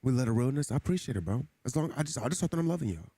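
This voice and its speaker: A man's voice: medium pitch, expressive, very fast, mellow, slightly rough, no echo. A man streaming a game who talks casually to his chat in an earnest, preachy way, often repeating himself. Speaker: gaming streamer. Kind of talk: casual livestream talk to chat.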